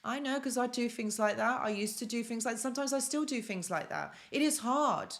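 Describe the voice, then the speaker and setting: A woman's voice: on the high side, a little fast. A young woman from London hosts a casual self-help live stream, chatting and repeating phrases for emphasis while she answers viewer comments.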